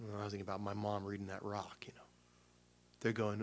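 A man's voice: lowish voice, completely flat delivery, fast talker, pauses often. A man preaching before communion, telling a personal story in a loose, emotional way with many restarts. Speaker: pastor.

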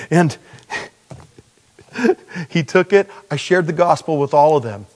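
A middle-aged pastor with a slightly high voice, talking to his congregation like he's telling a story to friends. He chuckles along the way and drops to a hushed, low tone when he voices a prayer. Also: animated, moderate pace, pauses often. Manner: conversational storytelling, drops soft and low for quoted prayers, laughs often. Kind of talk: sermon with personal story.

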